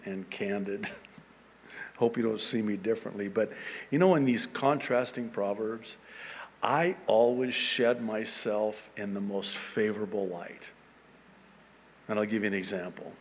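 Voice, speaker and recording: A man preaching a sermon on proverbs, animated and self-deprecating, often restarting his sentences. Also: on the low side, a little slow, husky, big-room sound, dull audio. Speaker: pastor.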